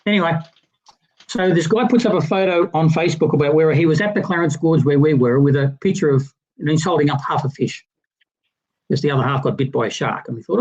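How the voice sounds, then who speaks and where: A man's voice: fairly high pitch, fast. Rambling man on a muffled call. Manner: rambling, animated anecdote teller with many restarts. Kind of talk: casual storytelling on a livestream chat.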